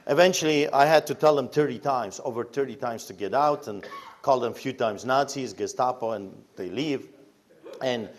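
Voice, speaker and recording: A Polish pastor with a mid-range voice and a Polish accent tells his story in an interview. He delivers it emphatically and with fire, firing off pointed rhetorical questions.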